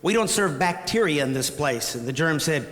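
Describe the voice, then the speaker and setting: A man's voice: a little high, lively intonation, moderate pace, a bit bright. A man delivering punchy one-liner jokes on a live radio show. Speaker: radio actor. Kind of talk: live radio joke telling. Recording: theatre reverb with faint music.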